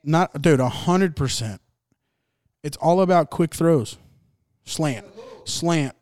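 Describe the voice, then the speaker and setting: A man's voice: on the high side, unhurried, darkish tone. A young man hosting a laid-back sports podcast, rambling, joking and swearing as he reacts to games. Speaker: podcast host. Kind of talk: casual sports chat.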